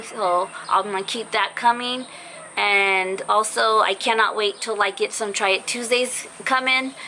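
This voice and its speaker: Young woman vlogger, bright voice going in and out from illness; heartfelt, rambling apology to fans. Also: medium pitch, a little hiss or hum, low-quality recording. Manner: apologetic, earnest, rambling with fillers. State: voice cutting in and out after illness. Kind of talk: casual heartfelt vlog talk to viewers. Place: in a car.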